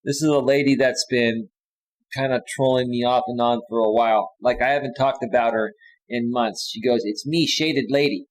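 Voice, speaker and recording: A man's voice: medium pitch, steady tone, moderate pace, rough recording. A man hosting a live stream, reading viewer comments aloud and answering them bluntly and dismissively. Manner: blunt and dismissive, with frequent restarts.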